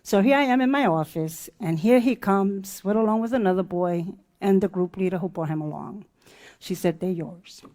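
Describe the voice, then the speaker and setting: A woman teaching a character education class, telling a story with lively, acted-out dialogue. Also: medium pitch, normal speed, dry recording. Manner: animated, acts out dialogue.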